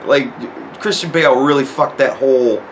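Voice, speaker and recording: A man's voice: mid-range voice, normal speed, slight background noise. A man giving a casual spoken review of a TV series, rambling and swearing a lot, often restarting his sentences. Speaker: show reviewer.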